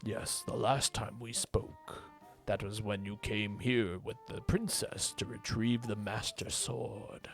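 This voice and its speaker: Man doing a wise old tree spirit from a game, low and slow, gravelly. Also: fairly even intonation, faint music behind. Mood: solemn. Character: ancient wise male tree spirit, groggy. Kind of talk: reading game dialogue aloud.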